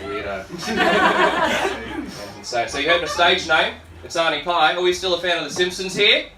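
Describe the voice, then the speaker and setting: A man's voice: high-pitched, moderate pace, heavy background noise. A young Australian man in his twenties doing a brash, sweary stand-up set with laughing asides. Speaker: stand-up comedian. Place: comedy club stage. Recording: echoey club from far off.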